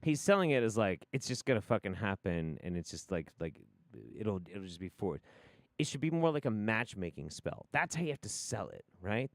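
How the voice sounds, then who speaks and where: Animated, profane, low-voiced male streamer. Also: fairly quick, dry recording, clean studio sound. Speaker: livestream host. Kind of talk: livestream commentary.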